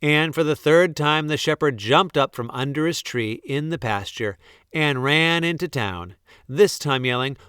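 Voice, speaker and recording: A man reading a children's story aloud in a slow, gentle, expressive way. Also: fairly high pitch, clear, resonant tone, dry recording, studio quality. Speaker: storybook reader.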